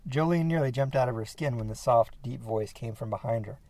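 A man narrating a horror story in a steady, measured reading voice. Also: mid-range voice, no room sound.

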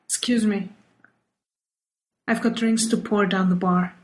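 A man voicing a kindly, gently chiding woman bartender in a much higher voice. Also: steady tone, unhurried, roomy sound.

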